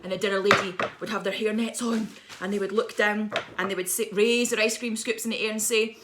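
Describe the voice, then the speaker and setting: A woman's voice: mid-range voice, steady tone, fairly quick, fairly bright tone, a little hiss or hum. A woman in her thirties, a visiting children's author, telling a playful, dramatic story to schoolchildren over a video message.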